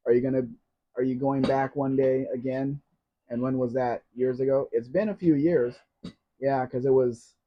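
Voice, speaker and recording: A man hosts a live question-and-answer stream, reading viewers' comments aloud and answering them. He talks in a chatty way and slips in dry jokes. The audio is dull and lo-fi, like a basic stream setup. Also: mid-range voice. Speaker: host.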